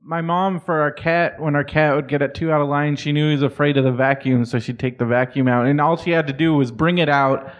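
A man's voice: a little high, steady tone, brisk, few pauses, highs cut off. A young man in casual comedic podcast chat, laid-back, laughing along and giving short replies.

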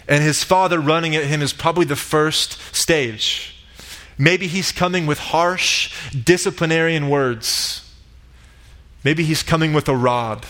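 A man delivering a sermon, retelling a parable with dramatic build-ups and loud quoted cries. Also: fairly high pitch. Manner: dramatic retelling, rising to shouts in quoted lines. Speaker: pastor. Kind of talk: sermon storytelling. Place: church sanctuary.

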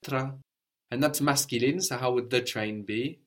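A man's voice: medium pitch, moderate pace. Patient male language teacher. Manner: patient, explanatory, prompts the learner with questions. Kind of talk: spoken language lesson.

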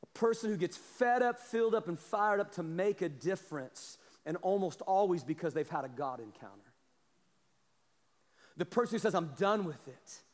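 A high-voiced man preaching in a church, his words trailing off in a long hall echo. He drops to quiet asides, then rises to shouted calls. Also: expressive, normal speed. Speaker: pastor. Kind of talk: sermon. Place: church sanctuary. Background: congregation responding.

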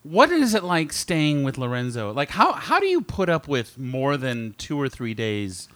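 A man's voice: medium pitch, huge pitch swings, unhurried, a bit bright, no echo. A man hosting a casual podcast chat, asking playful, teasing questions. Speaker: podcast host.

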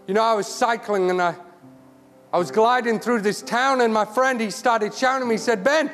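A man's voice: very high voice, brisk, fairly bright tone. A man preaching an impassioned sermon, repeating words as he builds. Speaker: charity CEO, guest preacher. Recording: hall reverb with music.

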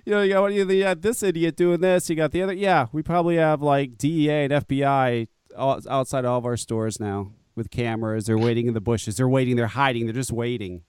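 A man's voice: mid-range voice, steady tone, brisk, few pauses, a little mellow, smooth, dry recording. A man hosting a live podcast, ranting angrily and swearing as he mocks the people he talks about. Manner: angry, mocking, swears, laughs at critics. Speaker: podcast host. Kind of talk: profane ranting live show.

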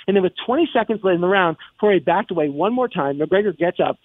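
Excitable man talking sports over a tinny line. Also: sits high, very fast, slightly rough, no room sound. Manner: rambling, excited, with many restarts and mock voices. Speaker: sports commentator. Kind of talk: casual sports talk on radio. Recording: tinny phone-line sound, dry.

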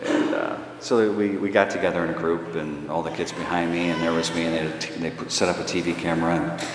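A man preaching in a conversational storytelling way, his pitch rising when he drives a point home. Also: fairly even intonation, fast talker, background noise. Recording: echoey hall with long reverb.

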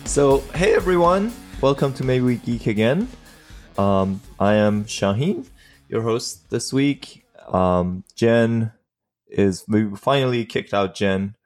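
Man hosting a podcast, teasing, relaxed, mid-pitched. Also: slow, faint music behind. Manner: laid-back, teasing. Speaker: podcast host. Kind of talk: casual podcast chat.

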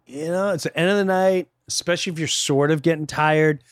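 A middle-aged man, a podcast guest, telling animated stories with lots of swearing and acted-out voices. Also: fairly high pitch, fairly quick, smooth, no room sound, clean studio sound. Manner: acts out quoted voices, swearing, laughing. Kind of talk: animated storytelling.

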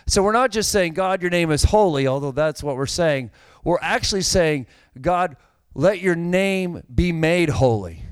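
This middle-aged pastor speaks with a fairly high, clear, resonant voice, recorded without echo. He delivers a conversational sermon, his stories becoming increasingly animated, and includes a dry joke.

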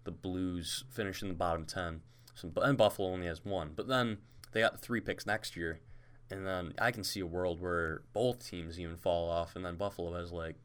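A man with a low, smooth, resonant voice, hosting a casual sports chat. He talks in opinionated, animated bursts. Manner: animated, opinionated, quick bursts when worked up. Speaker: podcast host.

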